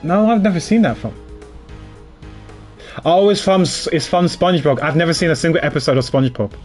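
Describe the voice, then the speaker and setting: A man's voice: on the high side, a little fast, a little mellow, soft background music. A man streaming a video game, chatting casually and poking fun at himself. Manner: chatty, self-mocking, rambling. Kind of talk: casual livestream commentary.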